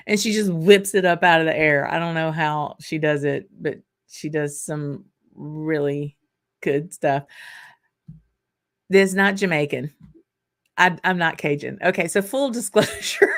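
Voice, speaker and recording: A woman from Arkansas with a Southern accent hosts a laid-back livestream, speaking slowly and expressively in a low voice with long pauses. She chats in a meandering way, reads viewer comments out loud, and laughs and uses fillers frequently.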